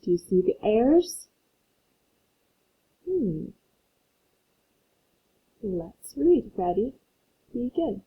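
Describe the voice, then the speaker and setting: A sing-song, mid-range voice belongs to a woman patiently teaching children phonics. She reads a story aloud at a slow pace and explains syllables to her young learners. The sound is tinny and phone-like, with a bit of hiss or hum.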